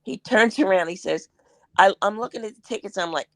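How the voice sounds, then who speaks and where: A woman's voice: medium pitch, fairly quick, dry recording. A woman guest on a podcast, telling anecdotes in casual chat and acting out what people said. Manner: anecdotal storytelling, acts out quotes.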